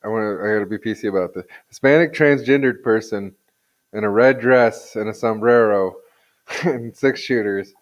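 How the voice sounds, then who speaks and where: A man's voice: lowish voice, normal speed. A man who is a podcast guest, chatting casually and rambling through anecdotes.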